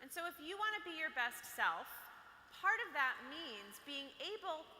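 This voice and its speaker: A woman's voice: high-pitched, big pitch swings, normal speed, sharp tone. A woman giving a playful, chatty motivational talk to a live audience of girls. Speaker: workshop speaker for girls. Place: large hall. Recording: echoey hall with long reverb.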